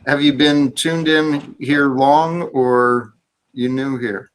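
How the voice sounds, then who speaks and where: A man's voice: medium pitch, fairly even intonation, slow pace. A man hosting a casual spiritual livestream chat, speaking in a reflective, earnest way. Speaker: livestream host.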